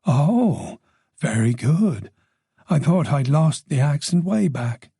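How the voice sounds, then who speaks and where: A man's voice: a little high, sing-song, takes it slowly, gravelly, warm tone, breathy edge, no echo, studio quality, heavily acted. Man voicing a gossipy Dublin-born older woman. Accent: faint Dublin Irish. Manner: gossipy, nosy, playful.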